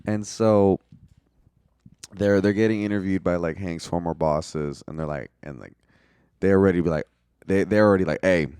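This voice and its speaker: A man's voice: low-pitched, steady tone, moderate pace, pauses often, dark tone, clear, resonant tone, no room sound, clean studio sound. A young man casually recapping a movie as a reviewer, loose and profane, full of "like", laughing at his own jokes. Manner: loose and profane, heavy use of "like".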